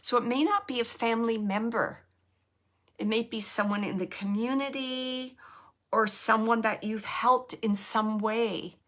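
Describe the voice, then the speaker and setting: A woman host giving a live mediumship reading, halting and searching for words, sometimes dropping to a hushed whisper. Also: on the high side, fairly even intonation. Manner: drops to a hushed whisper at times. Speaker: psychic medium.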